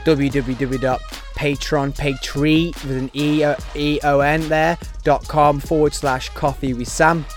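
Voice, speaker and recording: A man's voice: on the high side, flat delivery, a little slow, hardly any pauses, soft background music. Man hosting a casual podcast. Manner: jokey, rambling plugs. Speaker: podcast host.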